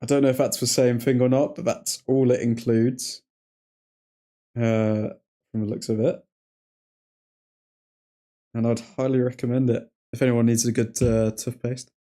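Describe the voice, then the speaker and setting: A man's voice: mid-range voice, little pitch movement, a little slow, long pauses, dark tone. A man hosting a live watchalong stream, chatting casually, rambling between match moments and chat messages, and laughing often. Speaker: streamer host.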